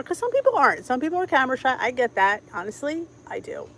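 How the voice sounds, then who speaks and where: A woman's voice: fairly high pitch, animated, fast, hardly any pauses, fairly bright tone, slight background noise, poor audio. A middle-aged woman with a Philadelphia accent, chatting casually on a live stream from home and greeting viewers by name. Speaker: cooking channel host.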